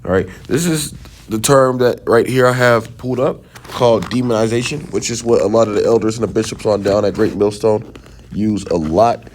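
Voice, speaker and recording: A man giving a sit-down religious teaching in loose, casual talk. He checks in often with quick tags and turns heated and scornful. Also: lowish voice, slight background noise. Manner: talks loosely, checks in with "right?" and "okay?".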